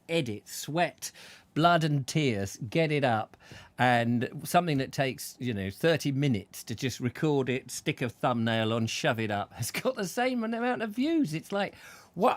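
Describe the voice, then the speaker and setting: A man with a voice on the high side hosts a casual chat show, recorded with no room sound. He rambles through anecdotes, chuckling as he tells them and acting out voices.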